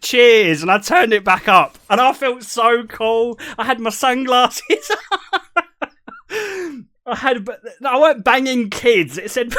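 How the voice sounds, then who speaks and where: A man's voice: high-pitched, sharp tone. A British man streaming, telling casual stories to his chat, joking, swearing freely and laughing often. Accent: British English. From Britain.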